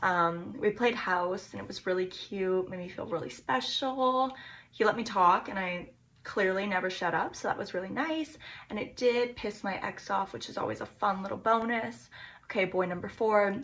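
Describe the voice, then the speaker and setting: A woman's voice: medium pitch, normal speed, fairly bright tone. Flippant chatty young-sounding woman. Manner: chatty, flippant, self-mocking. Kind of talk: casual vlog recap.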